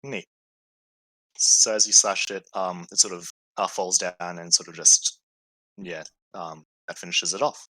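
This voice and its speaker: Game master, male, lowish bright voice, hesitant and easygoing, dry close sound. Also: fairly even intonation, unhurried, no echo, rough recording. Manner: hesitant, many fillers, easygoing. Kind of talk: narrating a tabletop game.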